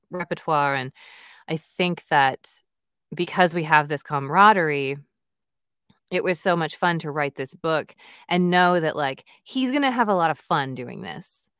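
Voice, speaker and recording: In a casual interview chat, a female audiobook narrator and author talks eagerly, sprinkling in many "like" and "you know" fillers. Her voice is low, a bit bright, clear and resonant, recorded dry at studio quality.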